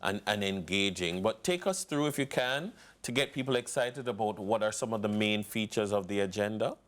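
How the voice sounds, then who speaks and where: A man's voice: on the low side, normal speed, fairly bright tone. A man co-hosting a morning TV show, upbeat and encouraging as he asks guests questions. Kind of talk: TV interview.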